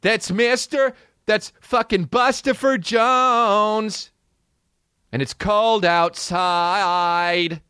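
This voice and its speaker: A man impersonating a mopey male rock singer, crooning slow and drawn-out lines. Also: high voice, fairly even intonation, warm tone, smooth, dry recording, studio quality, pitched above the performer's own voice, lightly acted.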